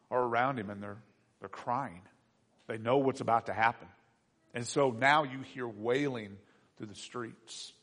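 A man preaching a sermon as pastor, moving between hushed reflection and loud, excited bursts. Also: medium pitch. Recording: long hall reverb.

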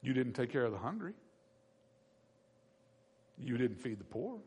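Animated preacher man with a lively voice. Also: mid-range voice, unhurried, slightly rough. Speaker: pastor. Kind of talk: sermon.

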